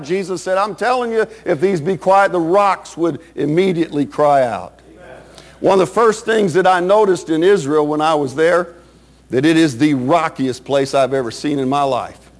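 A man's voice: high-pitched, animated, normal speed. A man preaching a Baptist sermon with a fervent, rising and falling cadence.

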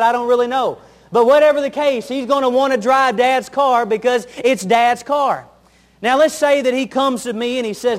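Man, very high voice, young adult pastor, earnest sermon, folksy stories, repeats key lines.

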